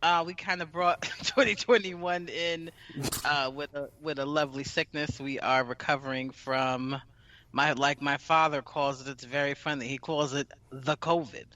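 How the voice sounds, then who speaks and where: A woman's voice: low-pitched, fairly even intonation, normal speed, fairly bright tone, dry recording, lo-fi sound. A woman co-hosting a podcast, chatting in an upbeat, easy way and laughing often. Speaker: podcast co-host. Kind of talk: casual podcast chat.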